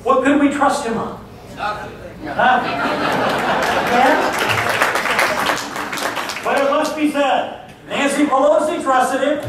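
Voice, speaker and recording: A man's voice: extremely high pitch, fairly even intonation, moderate pace, over a noisy crowd. Folksy man speaking in an echoey hall. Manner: folksy, mocking storytelling. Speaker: political speaker. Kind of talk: stump speech. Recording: echoey hall from far off with faint noise.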